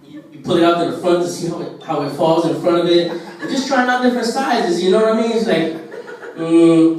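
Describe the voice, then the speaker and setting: A man's voice: on the high side, animated, a little fast, darkish tone. A man doing a stand-up set at an open mic, telling a rambling story loosely with lots of fillers and acted-out voices. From Puerto Rican family in the US. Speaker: stand-up comedian. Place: open mic at a restaurant stage. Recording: very echoey room, voice far from camera.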